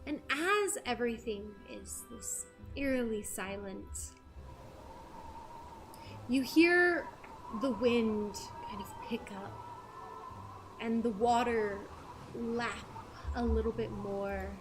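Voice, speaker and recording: A woman narrating a tabletop game as game master, slow and descriptive with many fillers. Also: fairly high pitch, music in the background.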